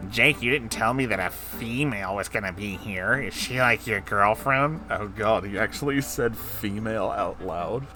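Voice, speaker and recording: Low-voiced male story reader, sarcastic asides, faint music underneath. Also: fairly bright tone. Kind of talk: comedic story reading with commentary.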